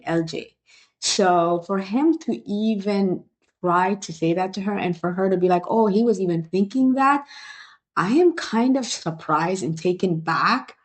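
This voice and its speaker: Animated, opinionated woman recapping reality TV. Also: on the low side. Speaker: reality show recap host. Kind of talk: casual review vlog.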